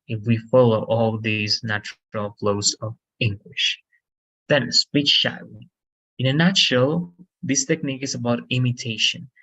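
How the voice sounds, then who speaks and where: A man's voice: medium pitch, fairly bright tone, rough recording. A man whose first language is Spanish, giving an online English lesson, explaining step by step, correcting himself and often asking "right?". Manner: explanatory, frequent "right?" checks, self-corrections. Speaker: English teacher.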